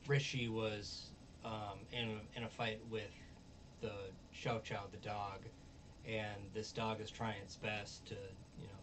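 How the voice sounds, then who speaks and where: Recorded far from the microphone amid background noise, this show reviewer speaks in a fairly low voice. His episode recap is loose and filler-heavy, with plenty of ums, false starts, and acted-out quotes from the characters.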